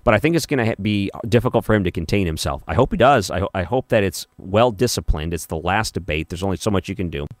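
A man hosting a late-night talk radio show, chatting casually with many restarts and a calm, skeptical tone, in a studio on a studio mic. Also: low-pitched, quick pace, few pauses, no room sound. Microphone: studio microphone.

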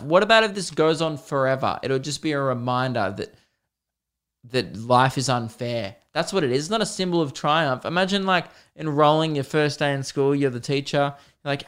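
A man's voice: fairly high pitch, expressive, moderate pace, a bit bright, clean tone. Sweary man ranting on a podcast. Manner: rambling and sweary, self-deprecating. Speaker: podcast host. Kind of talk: solo comedy podcast rant.

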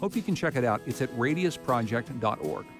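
Public radio host with music underneath. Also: male voice, medium pitch, animated, fairly quick, gravelly. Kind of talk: scripted public radio hosting.

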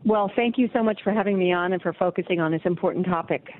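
A woman's voice: lowish voice, fast. A woman guest on a radio talk show, speaking emphatically and indignantly by phone. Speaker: guest, policy fellow. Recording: tinny phone line.

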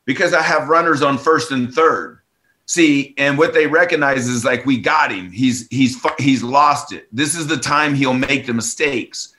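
A former pitcher in an interview, telling animated stories and acting out the dialogue in them. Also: male voice, unhurried. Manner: animated storytelling, acts out quoted dialogue. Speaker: former baseball pitcher, author.

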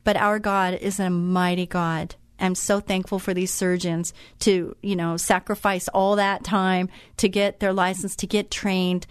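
A woman's voice: on the low side, flat delivery, a little slow, hardly any pauses, smooth, dry recording, studio quality. Chatty middle-aged woman hosting a show. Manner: chatty and enthusiastic, with frequent restarts. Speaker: radio show host. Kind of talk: faith-based storytelling monologue.

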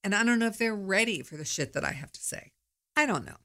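A woman's voice: medium pitch, lively intonation, fast, bright, forceful tone. Candid, chatty woman podcast host. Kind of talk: casual monologue.

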